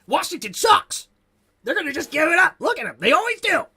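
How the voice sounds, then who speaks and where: Brief: smug male radio pundit, put on by a man, sneering, pitched well above his own voice. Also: very animated, fairly quick, sharp tone, heavily acted. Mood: mocking. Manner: mocking, exaggerated impression.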